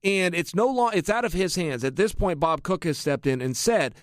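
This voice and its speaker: Middle-aged guy spinning an energetic story, high voice bouncing all over. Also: normal speed, dry recording, clean studio sound. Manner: energetic, addresses listeners directly. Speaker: MMA analyst. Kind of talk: animated anecdotal storytelling.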